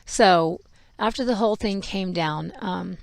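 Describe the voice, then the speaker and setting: In a dry recording, a podcast host and mother shares a personal story with emotional frankness, punctuated by laughter and an occasional curse. Her voice sits lowish and creaky, with a measured pace.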